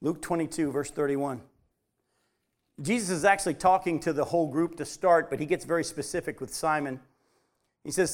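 Emphatic high-voiced man teaching Bible study. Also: moderate pace. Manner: emphatic, repeats key points, asks the group questions.

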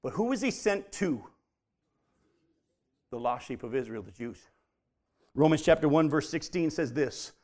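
A man preaching a sermon to his congregation, swinging from loud emphatic peaks down to hushed near-whispers. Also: a little high, animated, a little slow, long pauses. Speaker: pastor.

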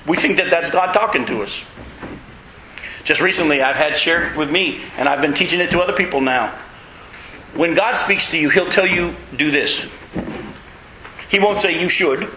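A man preaching a sermon in a folksy, emphatic way, with self-mocking humor and sudden high leaps in pitch to stress his points. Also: normal speed, long pauses, pushed and bright, roomy sound, a little hiss or hum, poor audio. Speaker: pastor.

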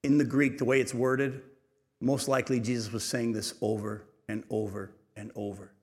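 A male pastor preaching in a mid-range voice. He reads scripture aloud, then comments on it, moving between loud emphasis and soft, hushed passages. The sound carries a long reverb, like a large church hall. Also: mid-range voice, flat delivery, moderate pace. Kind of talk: sermon.

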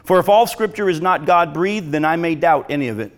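A man's voice: a little high, brisk. Earnest, emphatic male preacher. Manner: earnest, emphatic, reads devotional text aloud. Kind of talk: sermon.

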